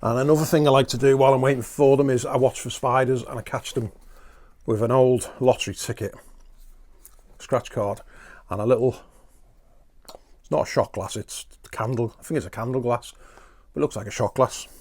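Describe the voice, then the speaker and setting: A man's voice: mid-range voice, steady tone, a little fast, pauses often, darkish tone. A man hosting a podcast, rambling through a chatty, self-mocking solo comic monologue. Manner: talks while eating at times. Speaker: podcast host.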